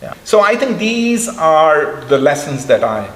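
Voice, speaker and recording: Brief: male academic speaker, lively storyteller, echoey hall with long reverb. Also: a little high, unhurried. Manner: animated storyteller, many "you know"s. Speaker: professor of communication giving a talk. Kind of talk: storytelling talk. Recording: echoey hall with faint noise.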